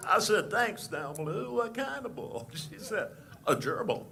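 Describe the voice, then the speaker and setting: A man impersonating a jittery, boastful small-town male deputy who brags in an excitable way, in a stand-up impression. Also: measured pace, vocal fry, very noisy, full character voice. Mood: bragging. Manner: squeaky, excitable bragging.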